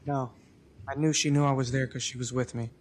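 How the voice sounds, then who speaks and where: A man's voice: mid-range voice, steady tone, fairly quick, slight background noise. A man testifying as a defendant in court, subdued and emotional, answering in short replies. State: emotional, near tears. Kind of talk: witness testimony. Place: courtroom witness stand.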